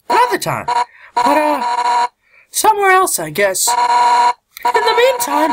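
Brief: a woman doing a shouty, high, swooping fish-warrior woman for a game, cocky and tough, game music loud underneath. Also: heavy background noise, exaggerated voice. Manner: shouty, excitable, tough-talking. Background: loud video game music.

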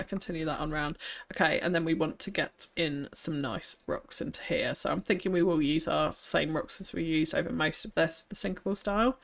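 A woman streaming a city-building game, chatting casually and thinking aloud, with frequent laughs. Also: fairly low pitch. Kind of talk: casual live-stream commentary while building.

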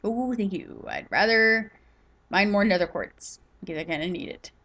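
A woman's voice: medium pitch, lively intonation, normal speed, a bit bright. Tired, chatty woman narrating her gameplay. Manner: chatty, rambling, talks to herself. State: tired, yawning. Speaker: gaming YouTuber. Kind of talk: casual gameplay commentary.

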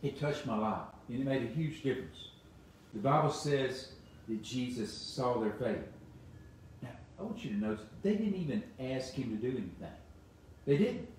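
A man's voice: very animated, moderate pace, a little hiss or hum. Preaching man in a very echoey church. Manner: emphatic preaching with repeated phrases and wide swings in pitch and loudness. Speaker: pastor. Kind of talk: sermon. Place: church sanctuary. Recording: very echoey church hall, voice from a distance.

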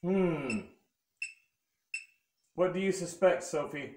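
A man on a paranormal investigation, gently asking repeated questions to a spirit. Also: a little high, expressive, slow pace. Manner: coaxing, asks soft repeated questions. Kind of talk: talking to a spirit during an investigation. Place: old log cabin museum indoors. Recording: roomy, noisy field recording.

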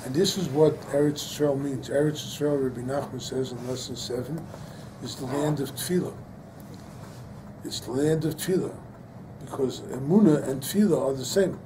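Older male rabbi, mellow higher voice, storytelling lecture turning fervent, faint room hiss. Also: moderate pace, rough recording. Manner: storytelling, then fervent preaching with rising emphasis; sprinkles Hebrew and Yiddish-inflected terms. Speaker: rabbi teaching a class. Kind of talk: Torah lecture.

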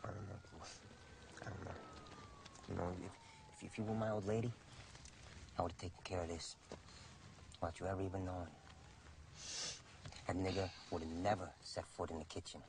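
An actor playing a menacing street tough who coaxes in a low, hesitant way. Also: male voice, flat delivery, vocal fry. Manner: low, slow, coaxing with hesitations. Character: menacing streetwise man pushing on a woman. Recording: film scene with background noise.

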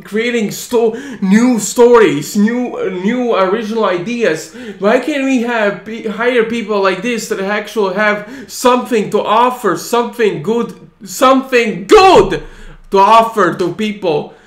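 A man's voice: high-pitched, echoey room. A man ranting in an exasperated, profane monologue, rambling and restarting his sentences. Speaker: channel host.

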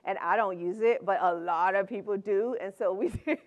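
A woman's voice: mid-range voice, moderate pace, highs cut off. A middle-aged woman giving a chatty, upbeat conference talk, laughing often between her points. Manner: upbeat, conversational. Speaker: conference speaker.

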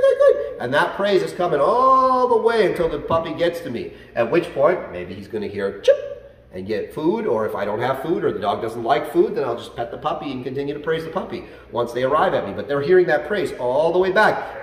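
A man working as a dog trainer explains things to a class in an animated way. He often checks in with "okay?" and "right?". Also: on the high side, distant mic. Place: dog training facility, indoors. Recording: roomy echo, set back from the mic.

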